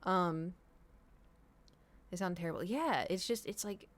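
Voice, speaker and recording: A young woman streamer chatting casually with her viewers. Her voice sits a little low for a woman. She rambles and circles back, with plenty of "like" and "you know". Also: a little slow, pauses often. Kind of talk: casual chat.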